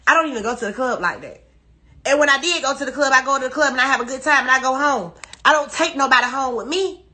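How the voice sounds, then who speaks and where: Her voice sits high, fast and sharp as she delivers an emotional livestream rant full of profanity, emphatically denying things repeatedly.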